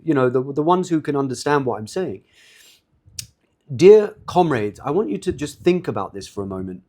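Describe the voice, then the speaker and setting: A man preaching a lecture, impassioned and emphatic, repeating words for stress. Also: on the high side. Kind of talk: lecture sermon.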